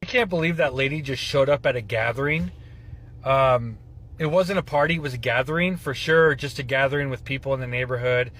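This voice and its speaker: A man speaking to camera in a dry, deadpan sarcastic bit. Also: medium pitch, fairly quick. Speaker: social media poster.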